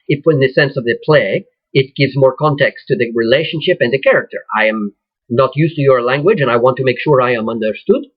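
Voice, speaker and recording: A Frenchman speaking English, each word set down carefully so he is understood, as a man demonstrates him. The voice is husky and mid-pitched. The recording sounds dull and lo-fi. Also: natural voice. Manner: overly clear, deliberate diction.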